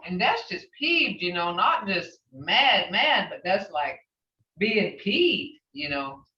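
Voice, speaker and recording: A woman's voice: mid-range voice, sing-song, slow, bright, forceful tone. An older woman teaching a language class who tells stories and uses many "you know" fillers. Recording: echoey, distant, dull recording.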